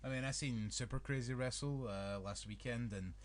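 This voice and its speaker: A man's voice: mid-range voice, normal speed, background noise. A young Scottish man co-hosting a podcast, rambling through casual banter with plenty of swearing and fillers. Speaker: podcast co-host.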